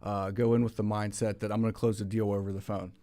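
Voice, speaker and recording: A man's voice: lowish voice, flat delivery, fast talker, warm tone. A man hosting a casual business chat, speaking earnestly, with frequent restarts. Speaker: host.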